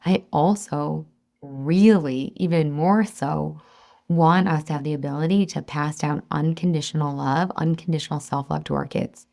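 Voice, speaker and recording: A woman's voice: deep voice, normal speed, gravelly, darkish tone. A woman in her thirties coaching a webinar audience on weight loss, chatty and encouraging, sometimes acting out her own inner voice.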